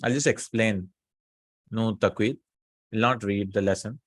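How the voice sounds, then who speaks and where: A man teaching Arabic grammar in a casual class, explaining slowly and often checking with students. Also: lowish voice, steady tone, no echo.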